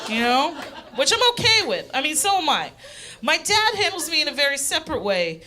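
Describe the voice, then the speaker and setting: A young woman doing stand-up comedy on a small theater stage, chatty and full of fillers. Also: fairly high pitch. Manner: chatty, full of "like" and self-interruptions. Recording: live audience laughter in small theater.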